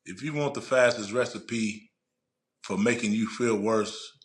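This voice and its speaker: A man in his forties, a podcast guest and former player and coach, telling stories in a loud, profane, emphatic way. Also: on the low side, unhurried. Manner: animated, profane, emphatic storyteller. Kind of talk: casual podcast chat.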